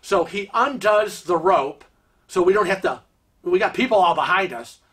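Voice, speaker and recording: A man's voice: sits high, moderate pace, slightly rough. A man hosting a cruise vlog, telling a story casually and rambling with lots of filler words. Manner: lively retelling with acted-out quotes.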